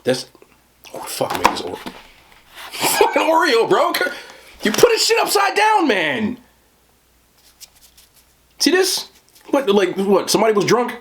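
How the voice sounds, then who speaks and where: A man's voice: mid-range voice, a bit bright, slight background noise. A man with a New Jersey accent doing a casual food review, blunt, profane and joking.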